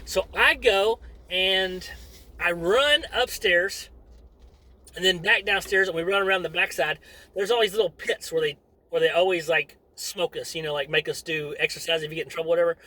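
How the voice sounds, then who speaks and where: A man telling a story casually and in a rambling, animated way for his vlog. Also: high-pitched, a little fast, low-quality recording.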